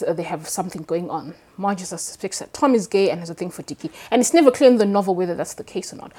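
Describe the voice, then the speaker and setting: A woman novelist talking through a book in an interview, thoughtful with frequent fillers and lively bursts. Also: mid-range voice. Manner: thoughtful, animated when excited, frequent fillers. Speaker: novelist guest. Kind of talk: conversational interview with a read-aloud passage.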